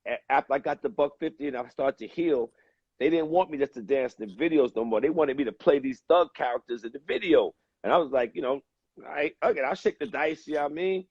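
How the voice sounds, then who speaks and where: A man talks in a husky, slightly breathy voice and tells his story at an easy, meandering pace, often stopping on fillers. The sound is dull and a little lo-fi, dry and close with no room around it. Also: mid-range voice, dry recording. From United States. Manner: laid-back, rambling with many fillers. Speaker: guest. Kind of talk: casual storytelling.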